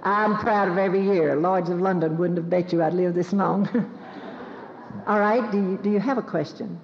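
A woman's voice: on the low side, fairly even intonation, moderate pace, a little hiss or hum. A woman, telling folksy, self-mocking stories to an audience and taking questions. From Southern United States. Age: 70s. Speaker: guest speaker taking questions. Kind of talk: storytelling talk to an audience. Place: auditorium with live audience. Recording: lo-fi recording in a reverberant hall.

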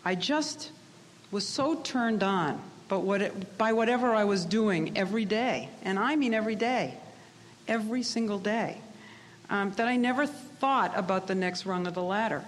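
A woman's voice: medium pitch, moderate pace, in a large hall, slight background noise. A middle-aged woman giving a personal speech to graduates, telling her story in a candid, self-deprecating way. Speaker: speaker addressing graduates.

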